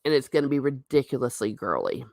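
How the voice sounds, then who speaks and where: A woman's voice: extremely low pitch, sing-song, fast, gravelly, darkish tone, no echo, studio quality. A middle-aged woman hosting a casual livestream chat, reading viewer comments and laughing often with self-mocking asides.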